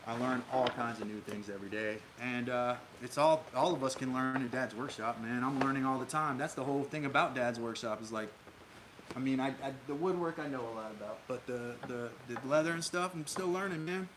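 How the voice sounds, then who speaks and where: A Minnesota man hosts a casual livestream, answering viewer comments aloud in a rambling way full of fillers and restarts. He has a mid-range voice and talks a little fast, and loud background noise with clicks runs under the recording.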